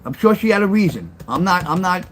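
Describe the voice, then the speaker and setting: Brisk and a bit bright, his high voice swings widely in pitch, with a little noise in the background. He's an older man from New York hosting a relaxed livestream, answering chat and rambling through blunt stories he keeps repeating.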